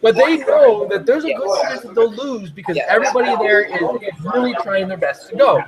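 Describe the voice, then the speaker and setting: A man hosting a casual chat who rambles excitedly and laughs often. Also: high-pitched, normal speed, over a noisy crowd, low-quality recording. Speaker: podcast host.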